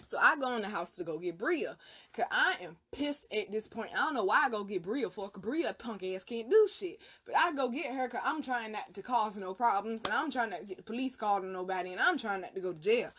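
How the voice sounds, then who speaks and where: Young woman vlog host, casual storytelling, animated and profane, mid-pitched voice. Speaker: vlog host, spiritual reader.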